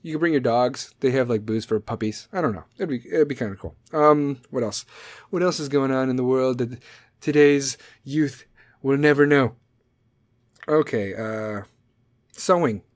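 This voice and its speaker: A man's voice: medium pitch, normal speed, no room sound, clean studio sound. A man in his forties hosting a solo comedic podcast, swearing constantly as he rambles in a sarcastic rant. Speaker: podcast host.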